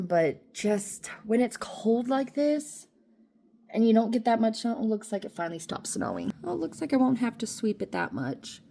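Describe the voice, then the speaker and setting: A woman's voice: medium pitch, warm tone. A woman vlogger and rideshare driver talking in a chatty, rambling, emotional and upbeat way. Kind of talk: casual vlog chat.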